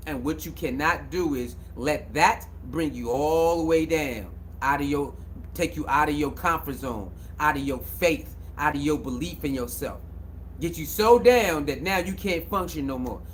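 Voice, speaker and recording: A man with a high voice talks in a casual sports commentary monologue. He is emphatic and repetitive and preaches a little, with lots of slang. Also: moderate pace, a little hiss or hum.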